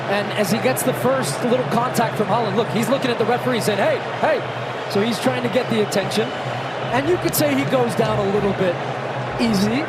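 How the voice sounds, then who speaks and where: Football commentator, mid-pitched, measured, explanatory, loud stadium noise. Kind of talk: match replay commentary.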